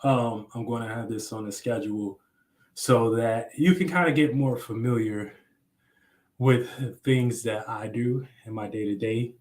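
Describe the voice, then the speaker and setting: A man's voice: mid-range voice, a little slow, a little mellow. A young adult man hosting a live astrology stream, talking loosely and slangily in rambling explanations. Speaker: astrology livestream host. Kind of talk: casual livestream talk.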